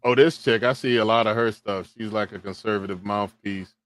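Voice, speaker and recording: A man's voice: lowish voice, brisk, dry recording. A man co-hosting a video reaction show, telling slangy stories in casual chat. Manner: animated storytelling, slangy.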